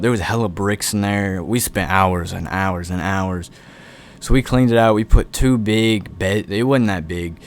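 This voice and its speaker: A young man tells a rambling, profanity-laced story in a relaxed, offhand way. His voice sits a little low. A faint hum of ambience lingers behind him. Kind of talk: casual storytime.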